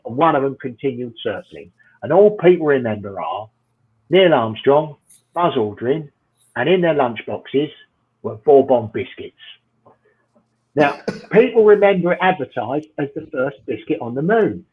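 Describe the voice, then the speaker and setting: A middle-aged English comedian rambles through a self-mocking routine, his pitch swinging widely. His voice is husky. It reaches us through a thin, phone-like line. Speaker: stand-up comedian. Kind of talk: stand-up routine over video call.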